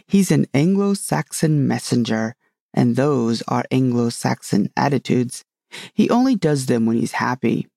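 A fretful old king, as a man reads him, gravelly and mellow. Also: medium pitch, lively intonation, a little slow, no echo, studio quality. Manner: fretful, impatient, literal-minded. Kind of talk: storybook reading.

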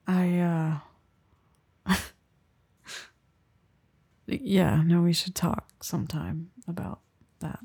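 A young woman's breathy, husky whisper in a close-miked whispered role-play, slow and unhurried. Her low, mellow tone carries a gravelly edge as she teases and commands with soft laughs. The sound is dry and intimate, with no room around it. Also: steady tone, dry recording. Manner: turns gentle and reassuring later. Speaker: audio role-play performer.

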